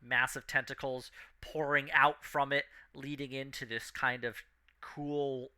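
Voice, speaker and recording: A man narrating as game master, giving steady descriptions with casual fillers. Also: medium pitch, unhurried, smooth.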